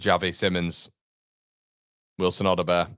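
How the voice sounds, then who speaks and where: A man's voice: low voice, flat delivery, a little slow, a bit bright, smooth, dry recording, clean studio sound. A man hosting a fan watchalong, calling the match live play by play and answering viewer chat, with partisan exasperation. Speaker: fan channel host.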